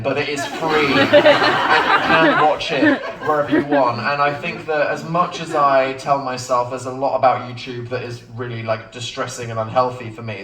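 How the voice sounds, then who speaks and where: A man, an author chatting on stage at a book event Q&A, self-mocking and quick to laugh. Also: mid-range voice, pushed and bright, recorded from a distance, slight background noise. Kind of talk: live on-stage Q&A chat. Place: bookshop event space with a live audience. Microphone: phone recording from the audience. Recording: echoey room taped from afar.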